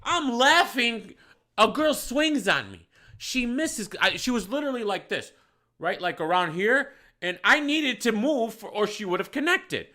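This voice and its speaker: Bright-voiced man telling a profane bar story. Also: very animated, measured pace. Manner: swings from low mutters to loud outbursts. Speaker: bar manager.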